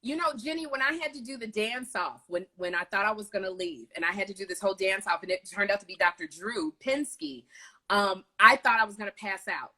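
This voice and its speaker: A woman hosting a casual live video chat, telling lively stories over a video call. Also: medium pitch, a little fast. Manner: animated storytelling, lively retellings. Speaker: host.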